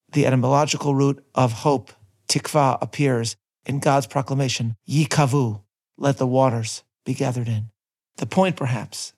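A man's voice: medium pitch, darkish tone, breathy edge. Earnest man delivering a sermon. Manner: measured, earnest delivery with Hebrew citations. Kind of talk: sermon reading.

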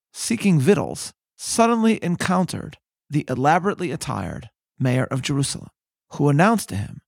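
A man narrating a scripted history podcast in a measured storytelling manner. His voice is somewhat high for a man and has a gravelly, husky grain. The recording is close and dry. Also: no room sound. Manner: measured, storytelling, reads quotes aloud. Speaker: podcast host.

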